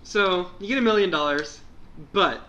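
A high-voiced man with a bright tone and a very lively, swooping pitch, chatting with friends. He is playful, laughs a lot and acts out silly quotes. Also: normal speed, lo-fi sound. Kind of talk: casual group chat.

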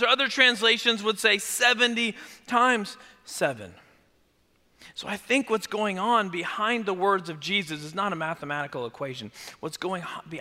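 A man preaching a sermon as pastor, conversational and animated, dropping to quiet emphasis at key points. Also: very high-pitched, big-room sound.

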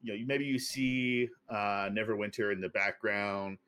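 A man's voice: lowish voice, steady tone, unhurried, fairly bright tone, clean tone. A man co-hosting a podcast in casual chat, rambling through ideas with lots of "like" fillers and frequent laughter. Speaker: podcast co-host.

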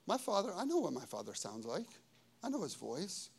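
A man with a high voice preaches with fervor, driving his points home through repetition. He swings from ringing, forceful declarations down to soft, hushed stretches, as a pastor speaking to his congregation. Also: huge pitch swings, moderate pace, creaky, slightly rough. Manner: emphatic preaching, swings between loud declarations and hushed intimate passages. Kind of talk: sermon.

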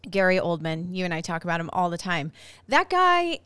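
Female co-host, clear smooth tone, animated and teasing, dry close-mic sound. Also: on the low side, brisk, no room sound. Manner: laughs often, teasing, animated. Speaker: podcast co-host. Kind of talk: casual chat.

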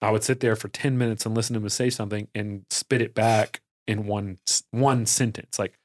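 A man talking as a podcast guest in a casual, energetic way, full of fillers and restarts. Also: lowish voice, a little fast, few pauses. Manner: energetic and excitable, heavy use of "like" and fillers. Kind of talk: casual conversational storytelling.

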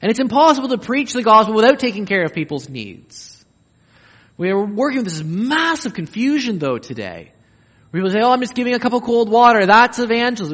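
A man delivers a sermon with a somewhat high voice that rises and falls as he acts out quoted voices. He mixes humorous asides into the preaching. His words ring out with a long reverb, as in a big hall. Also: fairly bright tone. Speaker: pastor.

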